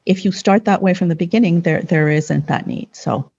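A woman in a casual talk, gently and earnestly explaining childcare ideas, often repeating words as she thinks. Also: lowish voice, normal speed, gravelly, breathy edge, no echo, dull audio. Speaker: parenting guest expert. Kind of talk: casual advice chat.

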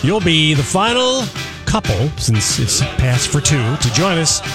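A male radio host with a somewhat high voice that swings widely in pitch as he talks. Loud music plays behind him. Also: big pitch swings, measured pace. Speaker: radio talk show host. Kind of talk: radio talk show banter.

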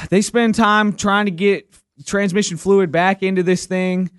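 A man's voice: sits high, slow pace, clean tone, dry recording, studio quality. A man telling an exasperated story in casual chat on a talk show, acting out quotes. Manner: animated, exasperated, acts out quotes.

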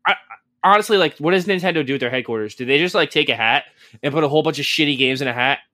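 Bright, sarcastic rambling male podcaster. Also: on the high side, very fast, no room sound, studio quality. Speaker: podcast co-host. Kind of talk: casual podcast chat.

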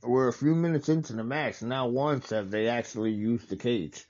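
A man's voice: mid-range voice, moderate pace, a little mellow, muffled recording. A man hosting a casual wrestling watch-along, talking over the match in a rambling, enthusiastic way and correcting himself often.

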